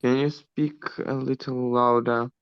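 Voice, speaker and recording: A man, a student reading English sentences slowly and hesitantly in an online class. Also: medium pitch, flat delivery, clear, resonant tone, no room sound, muffled recording.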